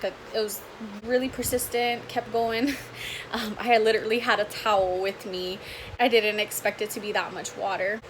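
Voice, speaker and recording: Give me a young new mother with a slightly high voice, relaxed and a bit hesitant, over clear background noise. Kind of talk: casual storytelling to camera.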